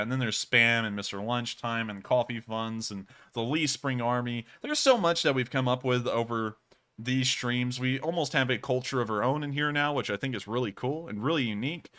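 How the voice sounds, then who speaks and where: A bright, forceful male voice carries this livestream host. He talks casually and earnestly in long, rambling runs and keeps thanking his viewers. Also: medium pitch, a little fast. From United States.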